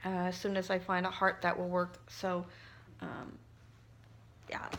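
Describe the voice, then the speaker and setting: A woman's voice: fairly low pitch, completely flat delivery, measured pace, a bit bright. Heartfelt woman vlogger, middle-aged. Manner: emotional, heartfelt storytelling with many restarts. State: tearful at times. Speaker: crafting vlogger. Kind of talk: casual personal talk while crafting.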